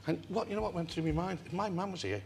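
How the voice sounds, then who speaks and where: A man's voice: sits high, quick pace, creaky. Older guy spinning a yarn on a chat show, voice jumping all over, lil bit of hiss behind. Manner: animated, laughs through his own story. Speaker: interview guest. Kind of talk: anecdotal storytelling.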